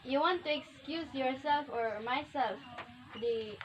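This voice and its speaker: A woman student giving soft, tentative answers in class. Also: high-pitched, a little slow, slight background noise.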